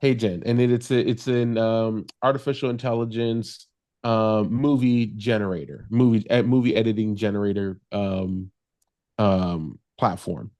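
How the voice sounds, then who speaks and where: A man's voice: on the low side, steady tone, moderate pace, a little mellow, dry recording. A man who is a tech consultant guest on a podcast, explaining things step by step in casual chat and laughing easily.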